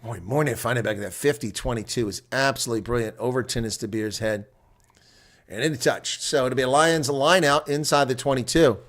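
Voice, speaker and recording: A middle-aged man giving live play-by-play and color commentary on a rugby match, breaking into loud excited shouts at big plays and chatting casually with viewers in the lulls. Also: medium pitch, a little fast.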